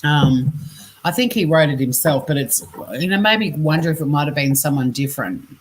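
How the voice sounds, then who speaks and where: This scambaiting livestream host is an Australian woman with a deep, animated voice and a brisk pace. She reads scam messages and chat aloud in a casual, chatty way, laughing often and swearing freely.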